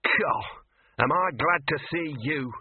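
A man voicing a scruffy, weary talking dog who speaks in a hoarse, gruff, rough manner. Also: fairly high pitch, slow, no echo, voice pushed up. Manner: gruff, rough street grammar. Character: scruffy, weary, wisecracking small male dog. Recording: narrow phone-like radio sound.

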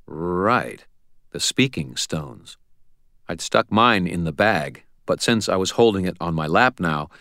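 A man's voice: low voice, fairly bright tone, no room sound. A man narrating a first-person audiobook with wry, dry storytelling.

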